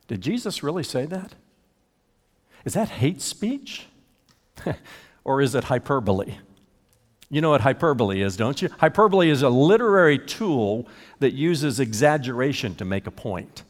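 An older man preaching a sermon as a pastor, emphatic and animated, with chuckles between points. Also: mid-range voice, measured pace. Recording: reverberant hall.

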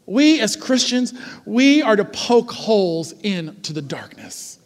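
A man in his forties preaching a sermon, telling stories in a lively, conversational way and often checking in with the congregation. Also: high voice, a little slow, long reverb tail. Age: 40s. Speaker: pastor. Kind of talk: sermon with storytelling.

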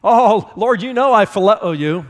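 A man's voice: high-pitched, expressive, measured pace, long reverb tail, pitched above the performer's own voice. A man voicing the apostle Peter, who earnestly and pleadingly declares his love during a sermon.

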